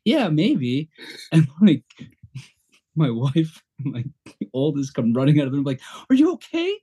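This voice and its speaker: A man's voice: mid-range voice, expressive, slow pace, mellow, breathy edge. A middle-aged man hosting a podcast in casual chat, laughing at himself and rambling. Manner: laughing, self-deprecating, rambling with fillers. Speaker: podcast host.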